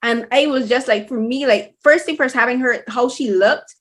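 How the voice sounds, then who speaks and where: A woman's voice: a little high, normal speed. A woman hosting an interview, asking long, enthusiastic questions with a lot of emphasis. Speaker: interviewer, show host. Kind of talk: conversational interview.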